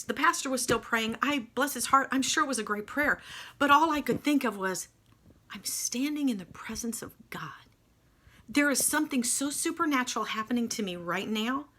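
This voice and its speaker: Woman, faith testimony, bright higher voice, emotional storyteller. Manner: emotional, animated, folksy with soft quoted asides. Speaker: speaker sharing faith testimony.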